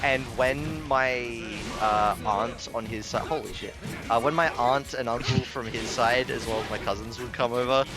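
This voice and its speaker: A man's voice: mid-range voice, fairly even intonation, moderate pace. A man co-commentating a fighting game stream in a casual, chatty way, laughing often. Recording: stream with game music underneath. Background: game music.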